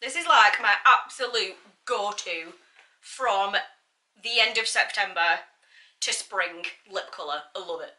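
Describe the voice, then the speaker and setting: A woman's voice: mid-range voice, measured pace, sharp tone. A woman giving a bubbly, chatty makeup tutorial and talking straight to her viewers. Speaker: beauty vlogger.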